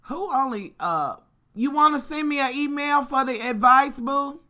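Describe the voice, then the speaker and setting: A woman vlogger talks casually to her viewers, swearing freely and staying animated throughout. Her voice is bright and forceful and sits a little high. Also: unhurried. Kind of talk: casual storytelling vlog.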